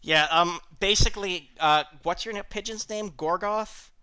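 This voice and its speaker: A young man running a tabletop game as game master, halting now and then with ums and restarts. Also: high voice, pushed and bright, clean tone. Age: young adult.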